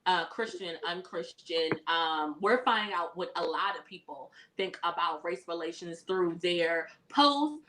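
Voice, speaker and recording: A woman hosting a casual panel chat, animated and quick to laugh as she puts questions to the panel. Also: fairly low pitch, a little hiss or hum, poor audio. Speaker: host.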